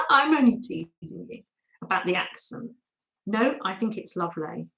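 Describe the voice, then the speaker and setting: A woman hosting a craft livestream from her dining room table, chatting warmly and reading out names from the chat. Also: mid-range voice, animated, unhurried, vocal fry, reverberant, dull audio. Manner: chatty, affectionate, reads chat names aloud.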